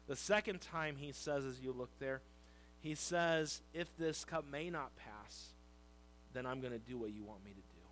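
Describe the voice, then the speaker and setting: A middle-aged man preaching a sermon as pastor, animated, leaning on key words and slowing down to read scripture. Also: a little high, a little hiss or hum, low-quality recording.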